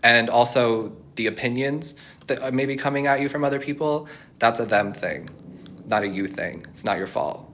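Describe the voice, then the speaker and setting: A man's voice: medium pitch, moderate pace, fairly bright tone, a little hiss or hum. A young man giving a tarot reading to viewers, reassuring and thinking aloud as he channels messages. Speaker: tarot reader.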